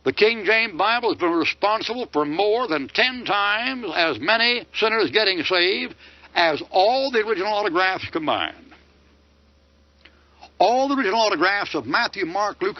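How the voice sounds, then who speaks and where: Animated older preacher, high lively voice. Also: male voice. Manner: emphatic, mocking rhetorical questions. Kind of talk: fiery sermon lecture. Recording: dull lo-fi dry recording.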